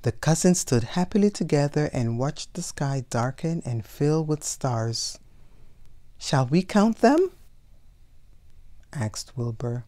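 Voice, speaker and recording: A woman reading a picture book aloud as a storyteller, in a slow, expressive, gentle way. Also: a bass voice. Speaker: storyteller, channel host.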